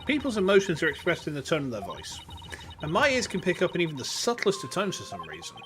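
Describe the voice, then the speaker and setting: An eager young woman attorney , voiced by a man, in a higher, bright, lively voice. She comes across as earnest and upbeat, with faint music behind. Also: quick pace.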